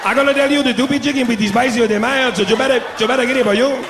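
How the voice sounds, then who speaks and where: A man voicing a flustered male fast-food cashier with broken English and a put-on Spanish accent, stumbling and repeating words. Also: very high-pitched, fairly even intonation, reverberant, voice pushed up. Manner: halting, repeats himself, mangles words. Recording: live club recording, crowd and noise.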